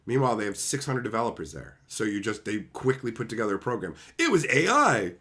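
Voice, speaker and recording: Profane ranting male streamer, lively pitch. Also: fast, hardly any pauses. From Canada. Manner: angry, profane, sarcastic ranting. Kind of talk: live-stream rant to chat.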